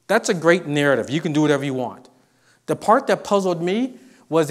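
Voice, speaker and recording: Animated, fairly high-voiced male professor. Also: normal speed. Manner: animated storyteller, acts out quotes. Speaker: professor giving a guest lecture. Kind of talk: humorous motivational lecture. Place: university lecture.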